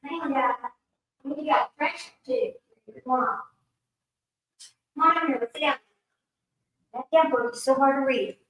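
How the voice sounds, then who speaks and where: A woman's voice: high-pitched, fairly even intonation, unhurried, long pauses. A woman giving casual, rambling commentary at home, blunt and swearing, hot and sweaty as she talks to those around her. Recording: very echoey room, far from the mic.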